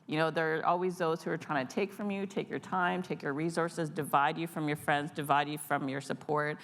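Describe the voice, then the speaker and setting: A woman in her forties telling stories on a convention panel, animated and acting out the voices in them. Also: deep voice, fairly quick. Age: 40s. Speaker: union panelist. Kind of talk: storytelling on a panel. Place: convention hall.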